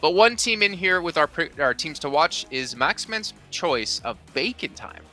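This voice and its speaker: A man's voice: on the high side, expressive, moderate pace, sharp tone, soft background music. A man hosting an esports analysis desk, putting questions to his analysts in an upbeat way. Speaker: desk host.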